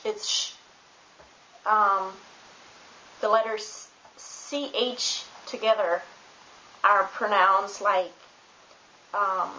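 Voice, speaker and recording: A woman who speaks German natively, giving a casual spoken pronunciation lesson, relaxed and hesitant with many ums and uhs. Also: mid-range voice. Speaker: German tutor. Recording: roomy, dull home recording with hiss.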